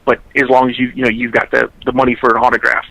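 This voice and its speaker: A man's voice: mid-range voice, flat delivery, very fast, gravelly, sharp tone, dry recording, poor audio. A man, a podcast co-host telling a long story in casual chat, rambling and restarting his sentences.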